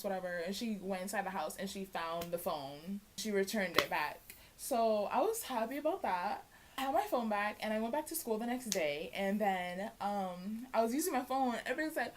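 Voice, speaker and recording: A young woman vlogger telling a storytime tale in a casual, animated way, acting out the voices of the people in it. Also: mid-range voice, moderate pace. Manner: animated, acts out quoted voices. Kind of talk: storytime vlog.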